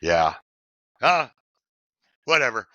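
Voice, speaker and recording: A man's voice: mid-range voice, sing-song, slow pace, pushed and bright, no room sound, lo-fi sound. A middle-aged man co-hosting a podcast, chatting casually and jokingly about recovery. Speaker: podcast co-host.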